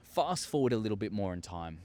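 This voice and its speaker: A young man telling a story to his viewers, excitable and acting out scenes with sound effects. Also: fairly low pitch, fairly quick. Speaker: YouTuber. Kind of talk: casual storytelling monologue.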